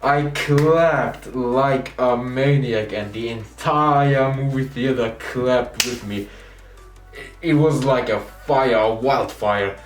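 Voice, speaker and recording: Excitable man reviewing a movie in a roomy space. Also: medium pitch, takes it slowly. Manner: enthusiastic, rambling, acts out quoted lines. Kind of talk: excited spoiler review retelling scenes. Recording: roomy echo, distant mic, faint music.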